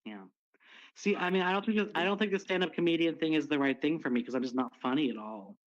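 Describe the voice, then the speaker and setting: A man's voice: fairly high pitch, fast, highs cut off. A man calling into a stream, chatting casually in a rambling, self-deprecating way. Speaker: stream caller. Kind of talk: casual chat.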